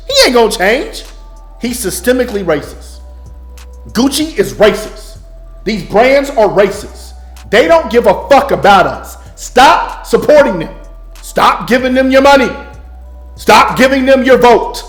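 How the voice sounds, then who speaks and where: A man's voice: extremely high pitch, big pitch swings, unhurried. A man delivering an impassioned, blunt, profane monologue as a music business coach. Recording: echoey room, faint music.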